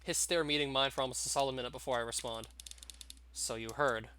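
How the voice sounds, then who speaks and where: A man's voice: medium pitch, very fast, bright, forceful tone, a little hiss or hum. A man reading a visual novel aloud in a dramatic first-person narration. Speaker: game narrator, YouTuber.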